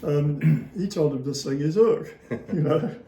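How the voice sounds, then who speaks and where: Warm-toned and a little high, an author speaks unhurriedly as an interview guest, meandering through historical anecdotes in relaxed conversation. He uses plenty of fillers and chuckles softly, and the room echoes.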